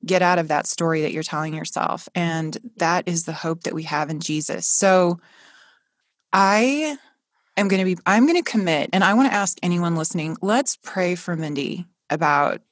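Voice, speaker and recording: A woman's voice: fairly low pitch, moderate pace, dry recording, studio quality. A woman hosting a faith-based podcast, talking in a fervent, encouraging, almost preaching way. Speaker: podcast host.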